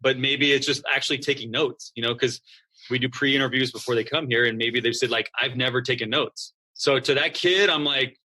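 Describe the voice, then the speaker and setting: A man's voice: medium pitch, fairly quick. A man who founded a school, talking casually as a podcast guest and acting out what students and coaches say. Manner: lively, acts out quoted students and coaches. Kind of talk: casual interview conversation.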